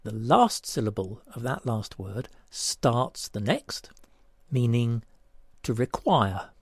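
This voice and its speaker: A man walks listeners through a word puzzle in a lively, rising and falling voice with a gravelly edge. His tone is slightly husky, and he talks slowly and carefully through each clue. The sound is close and dry. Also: mid-range voice, no echo. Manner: deliberate, spells out each step. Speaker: puzzle presenter. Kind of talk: scripted word puzzle presentation.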